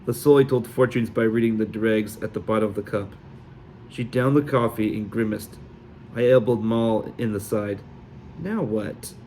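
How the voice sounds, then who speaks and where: A man narrating a novel aloud in a steady reading voice with occasional small slips. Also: fairly low pitch, slight background noise. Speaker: audiobook reader. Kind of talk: amateur audiobook narration.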